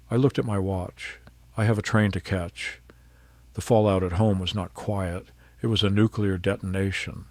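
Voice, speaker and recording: Older male narrator, gravelly and low, calm scripted storytelling, dry close sound. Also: dry recording.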